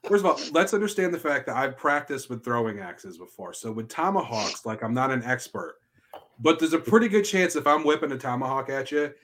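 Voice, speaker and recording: Bright, swearing podcast host man. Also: medium pitch, fairly quick. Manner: profane, animated storyteller. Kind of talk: casual podcast chat.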